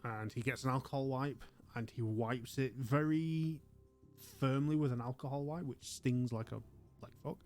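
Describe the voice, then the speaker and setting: A man's voice: medium pitch, fairly even intonation, normal speed, darkish tone, faint music behind. A man narrating a tabletop game as game master in a casual, rambling way.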